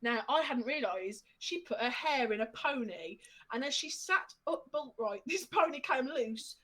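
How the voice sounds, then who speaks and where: A woman's voice: high-pitched, moderate pace. A woman casually telling a funny anecdote on a stream, often laughing as she talks. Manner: laughs through her story, lively retelling. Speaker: storyteller on a stream.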